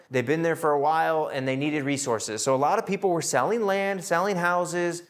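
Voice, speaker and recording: Man teaching a Bible study. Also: fairly bright tone. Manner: acts out quoted voices with shifts in pitch. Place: room with a live group.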